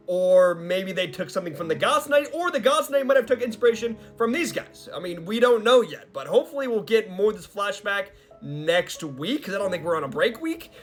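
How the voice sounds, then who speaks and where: A man recapping a comic chapter in a slangy, excitable casual chat. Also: high voice. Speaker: manga recap host.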